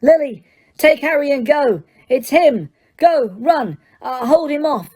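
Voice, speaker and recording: A woman voicing a panicking young father in an audiobook, who shouts out an urgent warning. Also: high voice, expressive, takes it slowly, pitched above the performer's own voice. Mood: panicked.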